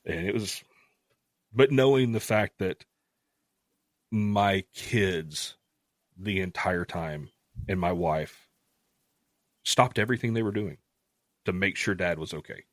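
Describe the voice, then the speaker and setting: A man's voice: low-pitched, slow, long pauses, no room sound. A middle-aged man, a podcast guest, telling an earnest personal story in casual talk, with frequent restarts. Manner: earnest, heartfelt, restarts often.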